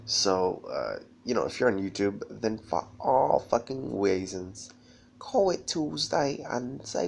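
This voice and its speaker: A man's voice: lowish voice, sing-song, takes it slowly, vocal fry, slight background noise. A man rambling through a disjointed, profane monologue to camera, often breaking into laughter.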